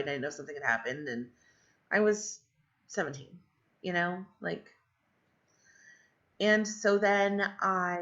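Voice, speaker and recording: Middle-aged woman, storyteller, rambling with asides; raspy fry, muffled lo-fi audio. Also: fairly low pitch, a bit bright. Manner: rambling, many fillers and asides. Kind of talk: personal storytelling. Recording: dull lo-fi sound.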